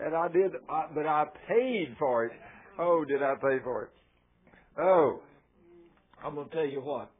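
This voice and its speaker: A man's voice: fairly high pitch, animated, moderate pace. A man preaching a folksy sermon, telling stories with self-mocking, chuckling asides. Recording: tinny phone-like radio sound.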